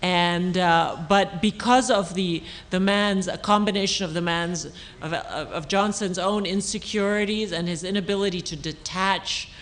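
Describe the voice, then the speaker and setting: A woman author answering audience questions on a panel at a public talk, thoughtful and halting, with many restarts and fillers. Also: on the low side, fairly even intonation. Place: auditorium stage.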